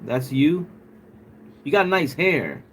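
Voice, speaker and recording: A livestream host with a slightly high, bald-sounding voice reads viewer comments in casual chat, joking, laughing often, and putting on a British accent. He is very animated but takes things slowly, with light noise in the background.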